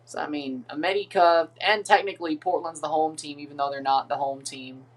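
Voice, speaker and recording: A man's voice: on the high side, moderate pace, hardly any pauses, distant mic. A man chatting casually while hosting a live match watchalong, rambling and reading team lineups aloud. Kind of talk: casual live reaction chat.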